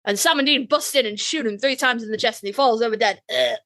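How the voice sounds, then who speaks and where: Woman podcaster, higher voice, lively and sweary recap, acts out bits. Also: quick pace. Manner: animated, swears freely, acts out lines. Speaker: podcast co-host. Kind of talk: casual chat recapping a TV episode. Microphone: online voice chat.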